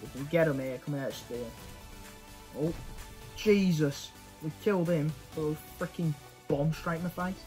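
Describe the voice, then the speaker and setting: A young man giving excitable live commentary over his own gameplay, cheering and swearing at the action. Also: fairly high pitch, normal speed, soft background music. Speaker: gaming YouTuber.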